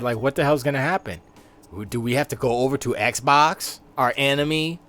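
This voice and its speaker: A man's voice: mid-range voice, fairly even intonation, moderate pace, a bit bright. Male live stream host, casual gaming news commentary, rambling. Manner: rambling, riffs on the news he reads.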